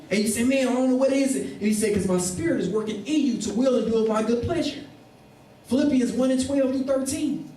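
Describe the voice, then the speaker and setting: A man preaching a sermon as pastor, animated and acting out the people in his stories. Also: very high voice, a little fast. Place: church. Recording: echoey room, mic at a distance.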